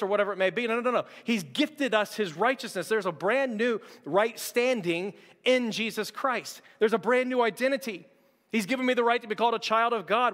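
Male pastor, high voice, chatty emphatic sermon delivery, long hall reverb. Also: fairly bright tone. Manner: conversational, emphatic, many "like" and repeated words.

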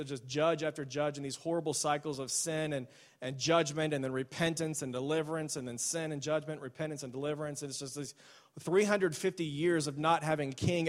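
A man preaching a sermon in a casual, storytelling way, often restarting his sentences. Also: on the high side. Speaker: pastor. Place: church sanctuary. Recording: long hall reverb.

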